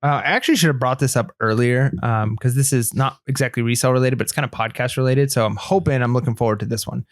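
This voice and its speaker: A man's voice: mid-range voice, fast talker, few pauses, dry recording, clean studio sound. A man co-hosting a casual podcast, rambling and friendly, with many fillers. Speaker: podcast co-host.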